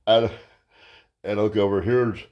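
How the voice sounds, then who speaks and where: A man's voice: medium pitch, sing-song, normal speed, muffled recording. A man, a stand-up comedian, telling a crude, rambling story in a ranting style and tripping over his words. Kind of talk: profane comic storytelling monologue.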